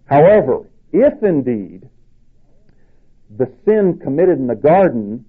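Emphatic preacher on a tinny line. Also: male voice, sing-song, slow pace, husky. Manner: emphatic, rises in pitch to stress points. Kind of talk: sermon. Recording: tinny phone-like sound.

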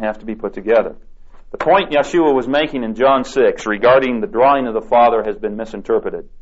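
A man preaching a sermon, reading scripture aloud with deliberate emphasis. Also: medium pitch. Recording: dull lo-fi tape recording.

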